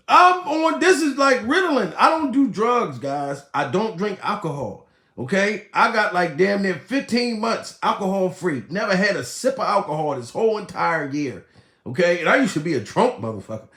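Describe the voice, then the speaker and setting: Loud high-pitched comedian ranting. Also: male voice, normal speed, roomy sound. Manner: animated, profane, laughing, swinging between shouts and low asides. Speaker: comedian host.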